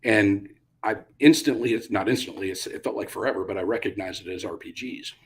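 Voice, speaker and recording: Middle-aged male guest, low-pitched, animated storyteller who acts out dialogue. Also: fairly quick. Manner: animated, acts out quotes with bursts of loudness. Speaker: guest, retired Army pilot. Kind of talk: casual interview storytelling.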